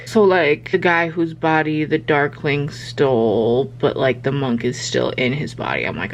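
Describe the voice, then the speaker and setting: A woman's voice: low voice, normal speed, hardly any pauses, highs cut off. A young woman vlogging to a handheld camera at home late at night, gushing and swearing about a book while tired. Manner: gushing, excitable, swears freely.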